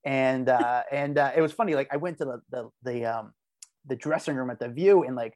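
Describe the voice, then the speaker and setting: A podcast guest tells a long story in casual chat, energetically acting out the quoted lines. He speaks fairly quickly at a medium pitch.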